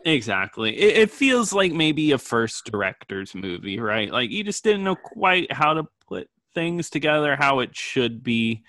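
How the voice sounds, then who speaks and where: Bright, dry-voiced male podcast co-host. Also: mid-range voice, big pitch swings, unhurried, hardly any pauses, no room sound. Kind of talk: casual movie review chat.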